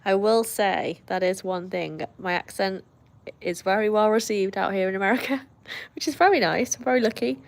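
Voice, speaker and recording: Here a British woman runs a livestream at a moderate pace, her mid-range voice creaky and the recording dry. She keeps it casual, reads viewer comments, laughs a lot and adds friendly asides.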